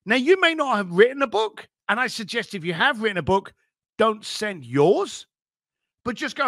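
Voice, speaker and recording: Man, business guest, blunt and punchy, bright forceful tone, animated pitch. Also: moderate pace, no room sound, clean studio sound. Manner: blunt, energetic, swears casually. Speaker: entrepreneur guest. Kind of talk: interview answers, motivational business advice.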